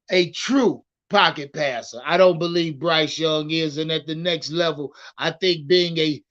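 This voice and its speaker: Bright, sharp male stream host; excitable, swearing, stop-start delivery over muffled audio. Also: sits high. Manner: animated, profane, repeats words when starting thoughts. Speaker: livestream sports host. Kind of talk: casual livestream commentary.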